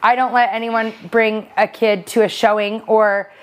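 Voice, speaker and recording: Woman podcast co-host, candid and teasing, a bit high in pitch. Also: flat delivery, moderate pace. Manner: frank and teasing, talks things through. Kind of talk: casual chat.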